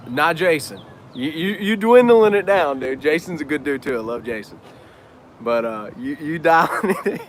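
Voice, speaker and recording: Hosting a laid-back live stream, a man who owns a business and works as a trainer fields viewer questions in slangy, freely cussing style. His voice is a little high with lively intonation at a moderate pace, and there's slight background noise.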